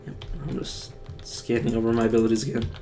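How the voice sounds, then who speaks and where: A man's voice: mid-range voice, monotone, fast talker, dark tone, faint music behind. A man streaming a game live, thinking aloud in a rambling, self-mocking way. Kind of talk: casual live-stream gameplay commentary.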